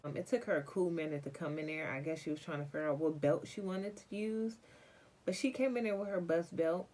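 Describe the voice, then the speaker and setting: A young adult woman telling a personal story in a casual vlog, animated and full of slang. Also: sits low, brisk. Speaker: vlogger.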